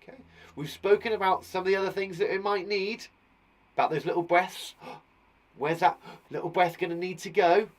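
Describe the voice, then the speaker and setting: A man's voice: high-pitched, steady tone, normal speed. A man teaching a children's punctuation lesson online, chatty and playful, with jokes between his explanations. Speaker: primary school teacher.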